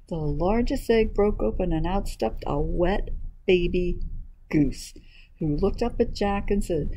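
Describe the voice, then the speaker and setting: A woman children's librarian reading a picture book aloud in an animated way and asking her listeners questions. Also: medium pitch, unhurried, slight background noise, rough recording.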